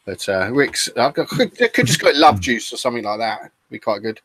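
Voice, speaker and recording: A man's voice: mid-range voice, sing-song, moderate pace, fairly bright tone, dry recording. A British man co-hosting a casual chat show, easygoing and chatty. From United Kingdom. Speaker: podcast co-host.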